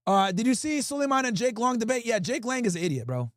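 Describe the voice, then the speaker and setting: An extremely high-pitched man with lively intonation speaks at a quick pace, recorded without echo in clean studio sound. Hosting a livestream, he casually reads audience comments aloud and talks straight to chat, blunt and profane.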